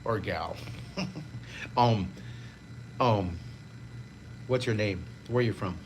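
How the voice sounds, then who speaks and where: A man's voice: on the low side, very slow, a little hiss or hum. An older man leading a live-streamed drawing lesson, upbeat, chatty and encouraging to his viewers. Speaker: drawing teacher.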